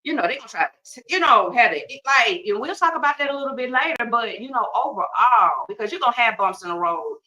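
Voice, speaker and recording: A woman's voice: on the high side, expressive, fast, hardly any pauses, pushed and bright, distant mic, poor audio. A middle-aged woman hosting a podcast, talking casually and emphatically with joking asides. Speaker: podcast host. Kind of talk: casual heartfelt talk.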